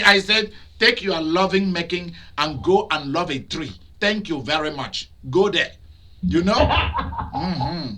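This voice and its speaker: A man preaching a sermon as pastor, shifting between loud shouted outbursts and quieter storytelling, with laughs between points. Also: high voice, animated, slow. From Nigeria.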